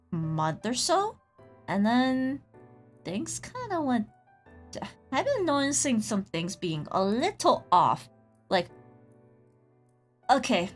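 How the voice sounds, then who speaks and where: A woman streaming while she draws, telling a rambling story in casual chat, full of "like", and stopping to greet her chatters. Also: a little high. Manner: rambling storytelling, heavy use of "like". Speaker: streamer and artist. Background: faint background music.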